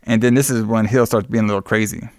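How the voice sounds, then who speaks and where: A man's voice: fairly low pitch, steady tone, fast, no echo, clean studio sound. A man casually recapping a horror movie as podcast co-host, rambling, swearing and laughing often.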